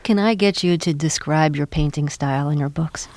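A woman's voice: low voice, normal speed, darkish tone, no room sound. Woman radio host, dry studio voice. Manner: conversational, friendly questions with small laughs. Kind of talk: radio interview.

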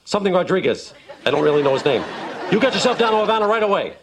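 A big, blustery old team owner, as a man puts him on in a sitcom clip. He barks orders in a high, rapid voice and rambles off into details. Clicking noise sits clearly under the TV recording. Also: big pitch swings, a crowd in the background. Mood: commanding. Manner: rambling, bossy, digressive. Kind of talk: sitcom acting.

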